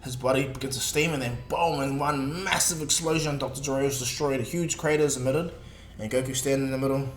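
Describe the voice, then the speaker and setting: A man's voice: mid-range voice, steady tone, fast talker. A man casually narrating a fan-made story, rambling with restarts and fillers. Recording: echoey room, faint music.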